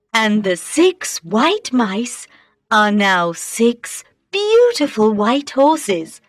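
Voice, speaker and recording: A woman narrating a simple storybook for English learners, reading clearly and carefully. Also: a little high, no echo, studio quality.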